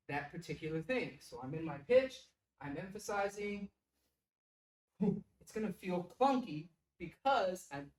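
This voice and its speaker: A pitching coach explaining drills in an instructional way, stressing key words with emphasis. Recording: echoey room, mic at a distance.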